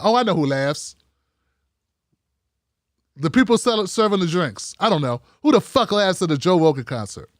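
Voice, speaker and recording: A man with a high voice delivers a fired-up, profanity-heavy rant as host of a live commentary stream. The sound is dry and close. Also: no echo. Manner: heated, profane and ranting.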